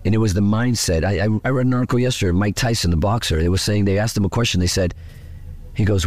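Low-voiced excitable middle-aged man. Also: fast talker. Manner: excitable storyteller, acts out quoted voices. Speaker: guitarist interviewed after a festival gig. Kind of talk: animated casual interview talk.

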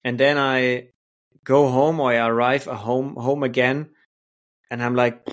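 A man's voice: medium pitch, little pitch movement, unhurried. A man from Germany, hosting a conversational interview and readily agreeing with his guest. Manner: agreeable, affirms often with short replies. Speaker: podcast host.

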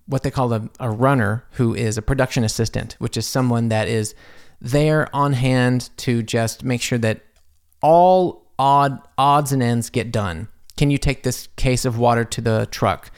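A man with a gravelly, mid-pitched voice tells a long personal story from his home studio. He rambles through asides and restarts, and his voice jumps up whenever he quotes himself. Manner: animated, jumps high when quoting himself. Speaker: podcast host. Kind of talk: casual storytelling monologue.

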